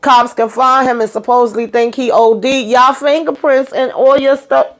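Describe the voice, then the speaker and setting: A woman vlogger chatting casually through a TV episode recap, animated and quick to act out lines. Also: sits high. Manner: chatty and animated, acting out quotes.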